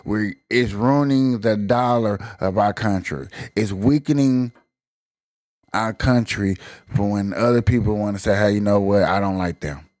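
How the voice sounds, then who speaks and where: A man's voice: lowish voice, unhurried, darkish tone, no room sound. A man hosting a live stream, ranting in emphatic, colloquial casual commentary.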